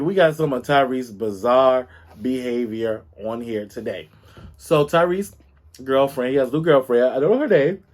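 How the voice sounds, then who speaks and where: A man hosting a casual gossip podcast in a sassy, animated way, calling his listeners girl and baby. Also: medium pitch. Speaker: podcast host.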